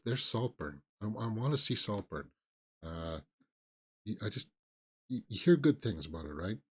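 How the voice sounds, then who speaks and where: A male movie news show host with a husky, low-ish voice runs a casual live stream. He rambles and gives strong opinions, full of fillers and restarts, and sarcastically mocks celebrities with impressions.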